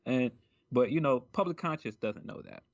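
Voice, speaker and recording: A man's voice: medium pitch, animated, moderate pace, no room sound, dull audio. A man co-hosting a podcast in casual chat, rambling with lots of ums and likes. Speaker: podcast co-host.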